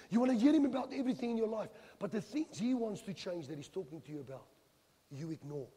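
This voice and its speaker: A man with a South African accent preaching a sermon in a church. He swings between hushed phrases and shouting, with Afrikaans phrases mixed into his English. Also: high voice. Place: large church hall. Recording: church hall with long reverb.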